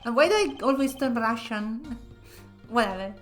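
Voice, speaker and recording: A woman's voice: fairly high pitch, lively intonation, normal speed, faint music behind. Chatty woman streaming a game. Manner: giggly, chatty. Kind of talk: casual game commentary.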